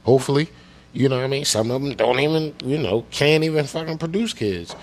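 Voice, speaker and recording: Husky man ranting with heavy profanity. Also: medium pitch, fairly quick. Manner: angry, swears constantly, repeats phrases. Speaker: show host. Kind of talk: profane political rant.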